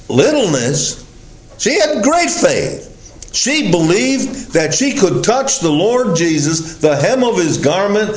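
Slow, emphatic male preacher in an echoey hall. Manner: emphatic, drawn-out stresses with sudden drops in pitch and volume. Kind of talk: sermon.

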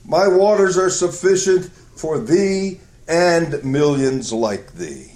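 A man's voice: a little high, lively intonation, slow, darkish tone. A man voicing the mighty ocean, answering with grand, soothing reassurance in a storytelling sermon. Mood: reassuring. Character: vast calm reassuring ocean, a father-like voice. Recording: roomy hall echo.

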